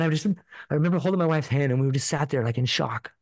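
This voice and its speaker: A man's voice: fairly high pitch, fast talker, darkish tone, no room sound. A man, a podcast guest, earnestly telling a personal story, swearing freely and repeating himself. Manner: earnest, profane, repetitive, full of fillers.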